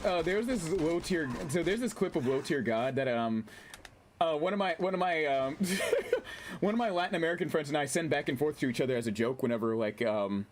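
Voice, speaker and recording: A man casually commentating his gameplay on a stream, excitable, swearing, laughing and reading chat aloud. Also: on the high side, noisy background.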